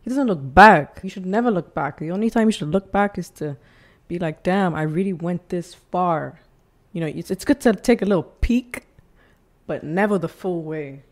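A woman hosting a reaction video, with a slightly low voice. She talks in a loose, chatty and expressive way and throws in the odd swear word. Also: moderate pace. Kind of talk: casual reaction commentary.

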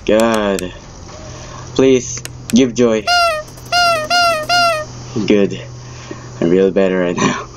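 A man doing let's-play commentary while playing a horror game, jumpy and quick to cry out when startled, recorded on a headset. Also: on the low side, dull audio, music in the background. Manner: jumpy, exclaiming, easily startled.

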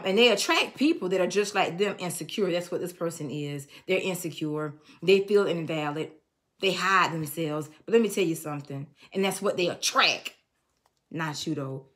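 A woman giving an emotional tarot reading to her viewers. She speaks in a preachy way and breaks into snatches of songs. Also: lowish voice. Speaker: tarot reader.

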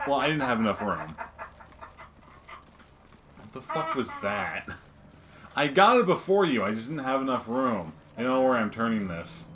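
A man's voice: mid-range voice, big pitch swings, normal speed, pauses often, a bit bright, slight background noise. A man joking and swearing while playing a video game with his mother. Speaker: let's play host. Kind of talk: casual gameplay chat.

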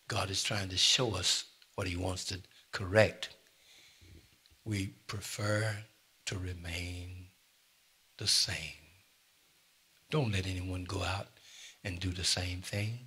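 Older male pastor, husky edge, sermon delivery with sudden loud emphasis. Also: sits low. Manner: preaching with sudden loud emphasis and asides to the congregation. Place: church.

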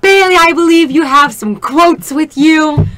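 Exasperated bright-voiced young woman. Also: high voice, a little slow. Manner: exasperated, mocking. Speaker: co-host. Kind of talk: casual chat.

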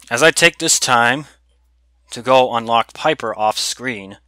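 Excitable guy doing let's play commentary, bright sharp voice, chats and laughs a lot. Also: medium pitch. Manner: chatty and excitable, laughs often. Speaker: gameplay commentator.

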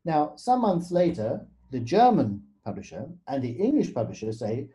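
A man's voice: a little high, big pitch swings, normal speed, hardly any pauses, dark tone. A man, a guest pianist, explaining in a storytelling way with frequent fillers and tag questions. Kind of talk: conversational explanation.

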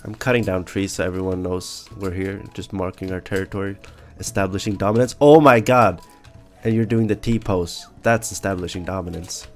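A man's voice: low voice, flat delivery, a little fast. Sarcastic guy gaming and teasing a random teammate, faint music underneath. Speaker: gaming YouTuber. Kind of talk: playful gameplay commentary.

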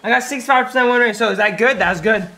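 A hoarse man streaming a game, giving hyped, trash-talking live commentary to his chat. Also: extremely high pitch, fast talker, sharp tone.

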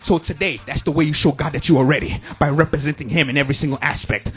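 A man's voice: fairly high pitch, fairly even intonation, fast, a bit bright. Preaching man, sung emphatic phrases. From Haiti. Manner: repetitive, emphatic call-and-response. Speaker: pastor. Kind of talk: sermon. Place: church service.

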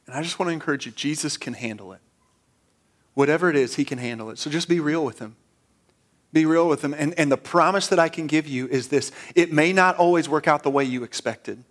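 Brief: male pastor, fairly high voice, earnest sermon delivery that swells into fervent emphasis. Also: brisk. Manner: earnest, building to passionate emphasis with repeated phrases.

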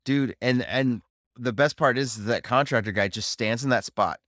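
A man co-hosting a podcast in casual chat, chatty and quick to react. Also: mid-range voice, a bit bright, no echo, studio quality. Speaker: podcast co-host.

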